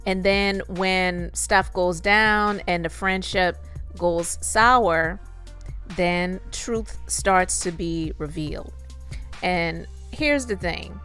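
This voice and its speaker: Earnest woman hosting over soft music. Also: fairly low pitch. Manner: measured, earnest, explains at length. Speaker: YouTube channel host. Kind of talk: commentary podcast monologue.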